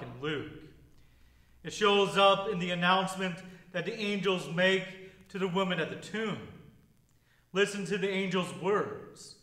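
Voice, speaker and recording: A man preaching a sermon as pastor, with a measured, deliberate liturgical delivery. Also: high voice, bright, forceful tone, echoey room, rough recording.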